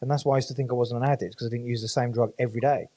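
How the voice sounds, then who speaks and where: A man, a podcast guest in casual chat, telling his own story in an animated way and swearing often. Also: mid-range voice, racing.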